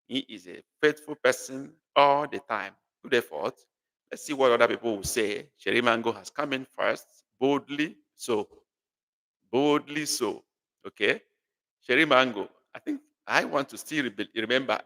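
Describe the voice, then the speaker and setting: Nigerian male tutor, bright and forceful, playful, calls students by name, long room reverb. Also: mid-range voice. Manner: teasing, repeats phrases, calls on students by name. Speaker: language tutor. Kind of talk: live online class.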